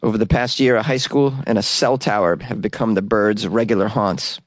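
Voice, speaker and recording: A man's voice: fairly low pitch, fairly even intonation, brisk, no echo, studio quality. A man hosting a comedic news segment, reading stories and riffing sarcastically with asides.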